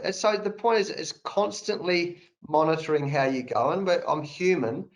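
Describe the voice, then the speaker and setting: A man's voice: high voice, moderate pace, few pauses, low-quality recording. A middle-aged Australian man, an interview guest on a video call, telling a candid personal story in an earnest, emphatic way and repeating phrases for weight. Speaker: interview guest, cricket coach. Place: home study, indoors.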